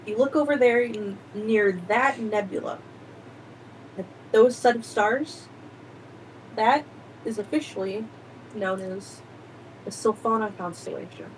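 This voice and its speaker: A woman voicing a winged being who proudly reveals a gift in steady, grand tones. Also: on the high side, unhurried, long pauses, a little hiss or hum, natural voice, rough recording.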